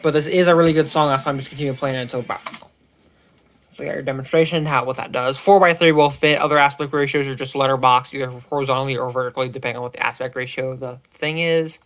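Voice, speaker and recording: This casual product review comes from a tech reviewer speaking into a phone mic, his talk rambling and halting, full of restarts and self-corrections. His voice is mid-range and his intonation stays fairly even.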